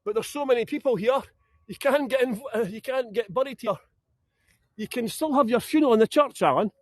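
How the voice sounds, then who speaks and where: A man's voice: very high voice, brisk, dry recording. A Scottish man leading a live walking tour outdoors in a graveyard, chatty and joking. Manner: chatty and joking, laughs often. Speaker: tour guide.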